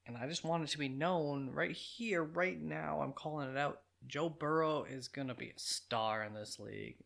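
A man's voice: fairly high pitch, moderate pace, creaky, a bit bright. A man narrating a casual film review with chatty, offhand asides.

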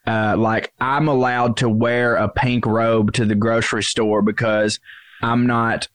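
A man's voice: mid-range voice, flat delivery, a little slow, no echo. A man in his thirties talks in a loose, rambling, candid way, often poking fun at himself. His voice sits in an ordinary middle range. The sound is dry and close. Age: 30s. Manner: candid, rambling, self-mocking. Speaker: comedian guest. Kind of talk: casual podcast conversation.

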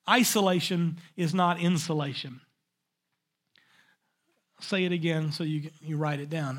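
A man preaching a sermon in a high, bright voice that carries an edge of intensity. He leans hard on his points and circles back to repeat the key phrases so they land. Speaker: pastor.

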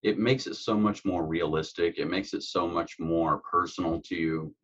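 Deep husky man, earnest. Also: fairly even intonation, normal speed, highs cut off. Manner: earnest, heartfelt. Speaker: guest, true crime YouTuber. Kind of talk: conversational interview.

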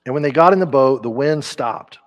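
A man, a pastor preaching a conversational sermon in a church, growing animated as he acts out quotes. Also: medium pitch, brisk. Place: church sanctuary.

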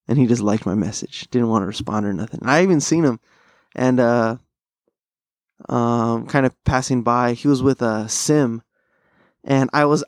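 A man's voice: medium pitch, a little mellow, no echo. Podcast host, man, slangy and profane, dry close sound, casual storyteller. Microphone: studio mic.

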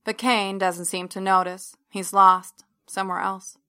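Female audiobook narrator, bright tone, flat delivery, measured first-person storytelling. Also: medium pitch.

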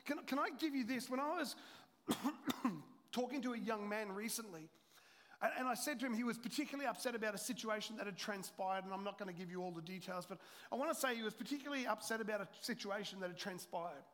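A middle-aged man preaching a sermon as a pastor, swinging between loud urgency and hushed, intimate storytelling. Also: high voice, fast. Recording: long hall reverb.

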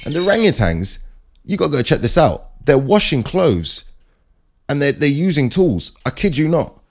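A man hosting his own show, telling rambling comic stories in an animated way. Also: a little high, moderate pace, slight background noise. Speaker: podcast host. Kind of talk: comic monologue.

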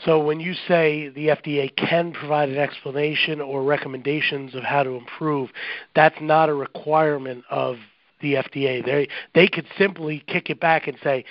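A man asking questions in casual chat, halting and restarting as he talks. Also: on the high side, no room sound, lo-fi sound.

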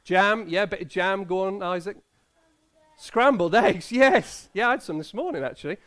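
Chatty high-voiced preacher. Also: male voice, normal speed, a bit bright. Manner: chatty and playful, quizzing the children and the congregation. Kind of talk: Bible reading and children's talk in a church service.

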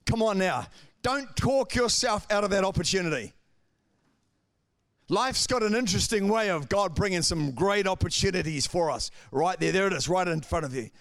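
Man, pastor, very high voice, sermon, fervent preaching. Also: normal speed. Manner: preaching with swings between calm and shouted passages.

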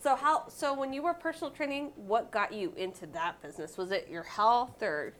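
A woman's voice: on the high side, moderate pace, a bit bright. A woman hosting a casual interview, asking questions and encouraging her guest with short affirmations. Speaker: podcast host.

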